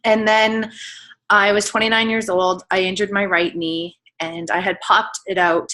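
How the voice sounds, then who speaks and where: A woman's voice: medium pitch, little pitch movement, a little slow, fairly bright tone. A woman in her thirties giving an earnest, emotional personal testimony as a guest speaker on a team call, in casual, filler-heavy speech. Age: 30s.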